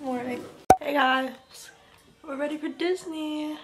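High-voiced playful young woman vlogging. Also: normal speed. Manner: playful, joking, chatty. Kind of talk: casual vlog chat. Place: busy outdoor theme park. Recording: loud crowd and music from the theme park.

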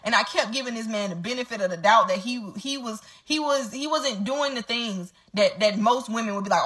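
Young woman, bright voice, blunt and heated, profane venting storytime. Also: fairly high pitch, a little fast, few pauses.

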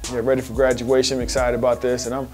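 A man hosting a basketball advice channel, telling stories in a lively, slangy, casual way. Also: mid-range voice, quick pace, faint music behind. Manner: animated storyteller with slang.

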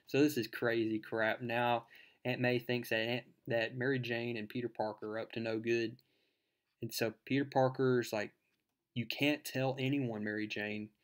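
A man's voice: mid-range voice, level tone, moderate pace. A man casually retelling a comic book issue in a chatty, amused way.

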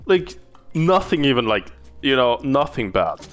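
A man's voice: mid-range voice, big pitch swings, measured pace, soft background music. A young man streaming a video game, chatting casually and rambling about his day while swearing freely. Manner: profane, rambling, laid-back. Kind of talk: casual gaming commentary.

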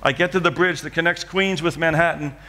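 A man's voice: a little high, steady tone, fairly quick, sharp tone, long reverb tail. A man preaching a dramatic testimony in church, acting out scenes from his story. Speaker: guest preacher. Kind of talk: sermon testimony.

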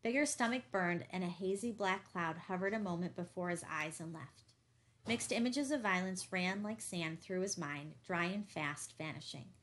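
A woman narrating a novel as an audiobook, measured and intense. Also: fairly low pitch, a bit bright.

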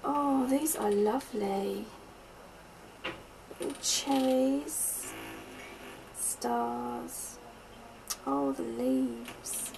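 A middle-aged woman gushing softly as she opens a parcel at home, with lots of delighted exclamations. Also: fairly high pitch, steady tone, very slow, vocal fry, pauses often, background noise. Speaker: vlogger opening happy mail. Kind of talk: unboxing chat. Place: at home in a conservatory.

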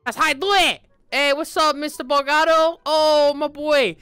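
A man doing goofy, excited commentary while playing a VR game, with loud outbursts. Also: very high-pitched, normal speed, no echo. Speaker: gaming YouTuber.

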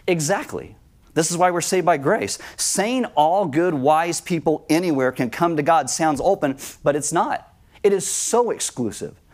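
A man preaching a sermon as pastor, emphatic, and he acts out the voices of people he quotes. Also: a little high. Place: church.

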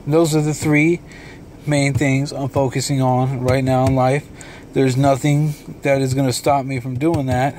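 A young man talking in a relaxed, rambling vlog monologue from a dark room at home, swearing freely. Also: mid-range voice, a little slow, a little hiss or hum. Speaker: vlogger and beatmaker.

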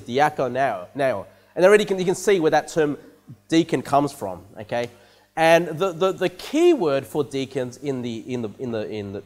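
Aussie pastor guy preaching in church, fairly high voice, lots of you know and okay?. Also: a little mellow. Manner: repeats words, many "you know" and "okay?" checks with the congregation. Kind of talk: conversational sermon.

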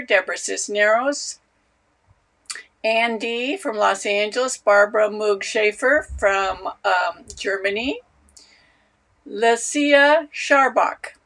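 A woman hosting a knitting live stream, chatting casually and greeting viewers by name. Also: a little high. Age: older. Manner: warm, chatty, reads out viewer names.

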